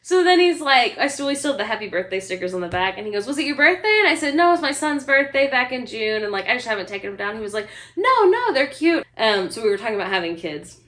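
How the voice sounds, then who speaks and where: A woman vlogger tells a story in a relaxed, chatty way, her voice sitting a little high. She fills her talk with "like" and jumps up in pitch when she quotes people. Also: fast talker, few pauses. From United States. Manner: chatty, lots of fillers, mimics other speakers with a higher voice. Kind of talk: casual storytelling.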